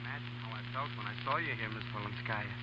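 An actor playing a naive, eager young officer who stammers when flustered, in 1940s radio acting style. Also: male voice, fairly low pitch, fast talker, background noise, lightly acted. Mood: earnest.

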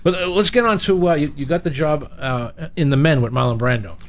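A man interviewing a guest, halting and searching for his words. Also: on the high side. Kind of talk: casual interview.

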